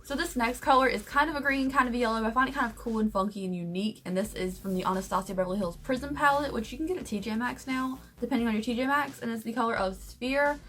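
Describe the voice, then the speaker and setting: A woman's voice: on the high side, fast, hardly any pauses, fairly bright tone. A young woman from the United States chatting candidly and enthusiastically through a casual makeup review. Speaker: beauty vlogger.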